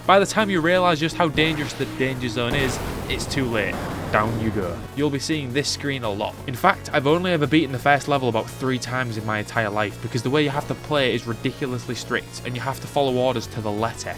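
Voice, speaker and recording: A man's voice: mid-range voice, fairly quick, music in the background. A man doing a comedic voice-over review of an old game, sarcastic, sweary and mock-indignant.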